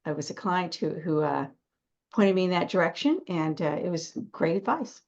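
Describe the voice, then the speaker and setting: A woman's voice: lowish voice, expressive, normal speed, a little mellow. A woman from Dallas who runs an IT company, introducing herself hesitantly on a video call. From Dallas, United States. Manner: hesitant, with many fillers. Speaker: IT company owner. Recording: dull, lo-fi call audio.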